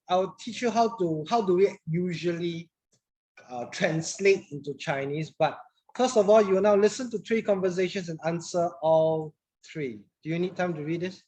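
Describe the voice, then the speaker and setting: A woman's voice: on the low side, normal speed, dark tone. A woman, teaching a class in a chatty manner, often repeating words and asking the class questions. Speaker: English teacher.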